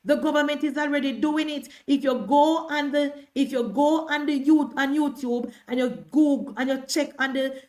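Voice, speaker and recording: A woman's voice: high voice, fairly even intonation, normal speed, hardly any pauses, a little mellow. A Jamaican woman giving combative political commentary on a live stream, hammering her points with repetition.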